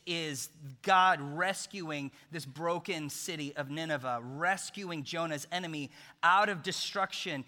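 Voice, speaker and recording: A man preaching a sermon, retelling a story in an animated, jokey way. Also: on the high side, unhurried. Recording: long hall reverb.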